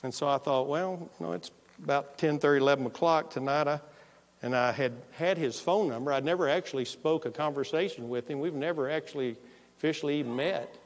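Male pastor, fairly high voice, animated storytelling sermon, long hall reverb. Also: fairly quick. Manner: storytelling, animated, quoting himself. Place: church sanctuary.

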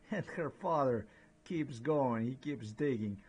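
Slow-talking man retelling a dispute. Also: mid-range voice, expressive, slightly rough. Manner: repetitive, halting retelling with many restarts. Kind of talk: recounting a conversation.

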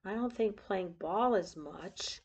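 A woman's voice: medium pitch, slow, muffled recording, a little hiss or hum. A woman doing Petey, a polite little puppy. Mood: wistful. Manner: hopeful, polite and wistful. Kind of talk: storybook read-aloud.

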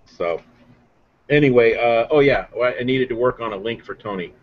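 A man with a mid-range voice co-hosting a casual talk show. He sounds relaxed and laughs easily. The audio is dull and lo-fi. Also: mid-range voice, moderate pace. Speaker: co-host. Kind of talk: casual chat.

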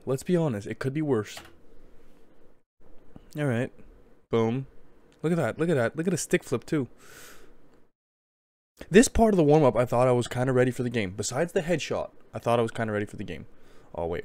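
A man's voice: medium pitch, a little mellow. A young man casually commenting on his own hockey game footage, mocking himself and joking as he goes.

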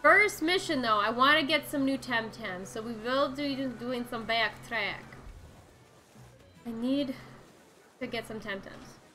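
Casting: upbeat woman gamer, high bright voice, playful commentary. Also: slow pace, soft background music. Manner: animated, playful, talks to the game characters. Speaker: gaming channel host. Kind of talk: let's play commentary.

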